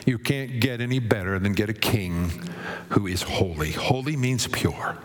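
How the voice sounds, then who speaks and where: A man's voice: unhurried, a little hiss or hum. Preaching man in a reverberant hall. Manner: dramatic, swings from ringing high declamation to low hushed tones. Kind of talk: sermon.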